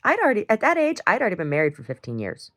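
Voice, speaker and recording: A woman, probably in her thirties or older, telling a frank, animated story in a casual video diary, full of "like" and "right?". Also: medium pitch, racing. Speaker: video diarist. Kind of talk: casual monologue.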